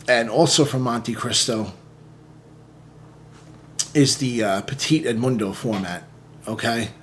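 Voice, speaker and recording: A man talking casually as a cigar reviewer, relaxed and conversational, full of fillers and little "okay?" check-ins. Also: medium pitch, slight background noise.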